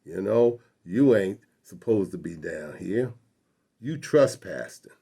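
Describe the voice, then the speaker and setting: A man's voice: deep voice, lively intonation, takes it slowly, creaky, dark tone, husky, full character voice. A man voicing a threatening 1950s policeman, drawling and contemptuous. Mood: menacing. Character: threatening, heavyset 1950s Southern male policeman.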